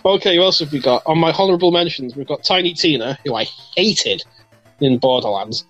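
Dude hosting a podcast, fairly high voice, jokey, swings up and down a lot. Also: male voice, fairly quick, soft background music, low-quality recording. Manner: jokey, animated, laughs often. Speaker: podcast host. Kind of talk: casual chat.

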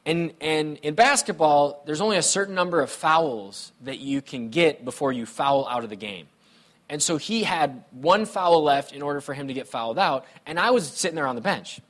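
Guy preaching, slightly higher voice, chatty and animated, funny stories. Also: moderate pace. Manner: conversational, animated storytelling with playful humor. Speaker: pastor. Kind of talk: sermon with personal stories.

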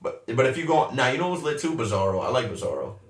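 A young man talks casually and curses freely, spinning an animated, slangy story with his friends. His voice sits mid-range. It comes through a roomy space, a little off the mic. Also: mid-range voice, very fast, a little hiss or hum. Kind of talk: casual chat. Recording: roomy echo, a bit far from the mic.

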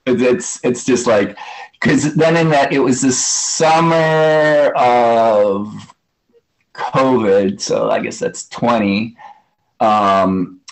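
A man's voice: medium pitch, fairly even intonation, drawn-out words, low-quality recording. A man in his fifties, a guest drummer, telling stories in a casual interview. He rambles, swears casually and acts out what others said.

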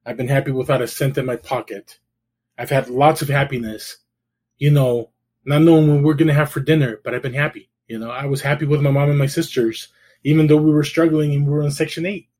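A man's voice: medium pitch, fairly even intonation, fairly quick, darkish tone. A middle-aged man from El Salvador, a guest telling his life story in a candid, rambling way with many restarts. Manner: candid, storytelling, frequent "you know" and restarts. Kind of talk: casual conversation.

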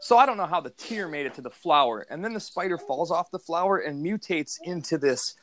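Male podcast co-host, fed-up profane ranter, slightly higher voice, dry close sound. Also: lively intonation, fairly quick, a bit bright, no echo. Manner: profane, exasperated ranting. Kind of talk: casual movie review chat.

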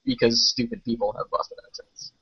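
A man co-hosting a podcast, wry and teasing, quick to laugh. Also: no room sound. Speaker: podcast co-host. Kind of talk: casual chat. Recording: dull lo-fi podcast audio.

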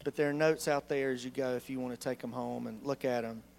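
A male pastor, preaching a sermon in a church in an animated, conversational way full of rhetorical questions. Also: medium pitch, fast talker, creaky.

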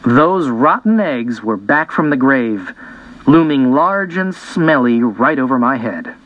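A man narrates a story in the first person, his pitch rising and falling with lively expression. The recording is dry and close, with a dull, slightly lo-fi tone. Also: slow, no room sound. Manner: lively, expressive reading with voiced dialogue. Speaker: audiobook narrator.

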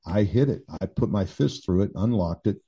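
Older man, pastor, very dark tone, husky voice, lowish pitch, candid storytelling, dull lo-fi recording. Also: animated, moderate pace. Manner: candid storytelling with many restarts and fillers. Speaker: pastor and author. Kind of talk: conversational testimony. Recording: dull lo-fi sound.

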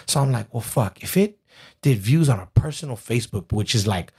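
A husky-voiced man spins a story in a loose, casual way. He swears freely and pushes into high, mocking voices when quoting people. His pitch sits in the middle range. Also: brisk. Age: adult with a twenty-year-old stepdaughter. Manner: animated, profane storytelling. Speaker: rapper guest.

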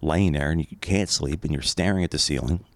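Deep-voiced reflective man. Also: brisk, no echo, clean studio sound. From Philadelphia area, USA. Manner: conversational, reflective, rambling asides. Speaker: podcast host. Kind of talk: personal storytelling monologue.

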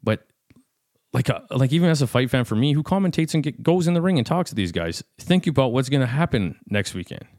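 A man hosting a podcast, giving rambling, joking shout-outs full of fillers and restarts. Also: mid-range voice, lively intonation, a little fast, no echo, clean studio sound. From Canada. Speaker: podcast host.

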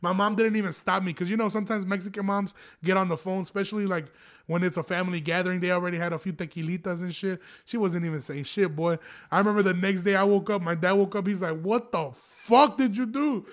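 A man's voice: sits high, fairly even intonation, fast talker. A young man hosting a casual solo podcast, rambling through stories with heavy profanity and frequent laughs. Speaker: podcast host.

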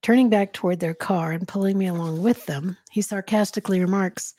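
Woman podcast host reading a book out loud, husky mellow voice, chatty asides. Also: medium pitch, a little fast, no echo, clean studio sound. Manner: casual, giggly asides between passages. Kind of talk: reading a novel aloud with chat.

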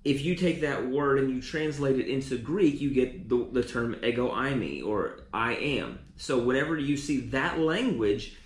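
Man preaching, stumbling repeats, mid pitch, echoey room. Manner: repeats words often, restarts. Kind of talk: sermon teaching.

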